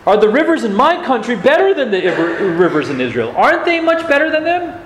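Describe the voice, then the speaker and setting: A preacher playing a scornful ranting general. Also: male voice, very high voice, very animated, a little fast, fairly bright tone, slight background noise, voice pushed up, heavily acted. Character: proud indignant foreign army general, grown man. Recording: echoey hall, faint ambience.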